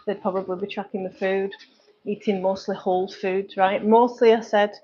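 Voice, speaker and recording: A woman's voice: medium pitch, little pitch movement, moderate pace, dark tone, muffled recording, slight background noise. A woman with a Manchester accent chatting casually as a fitness coach on a live stream, rambling with lots of fillers. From North West England.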